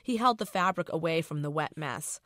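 A middle-aged woman author reads her own novel aloud in a low voice. Her first-person narration is casual and profane, and the sound is dry and close. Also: lively intonation, normal speed, a bit bright, no room sound.

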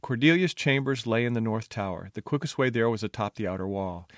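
A man reading his own novel aloud, wry and expressive in narration. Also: lowish voice, brisk, no room sound, studio quality. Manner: wry, expressive, doing character voices. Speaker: audiobook narrator. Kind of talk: scripted narration.

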